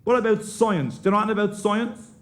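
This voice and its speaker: A man's voice: high voice, fast talker. A man with an Irish accent telling a joke on a live comedy stage, acting out a bickering exchange between two men. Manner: acts out a bickering two-man dialogue in character voices. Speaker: stand-up comedian.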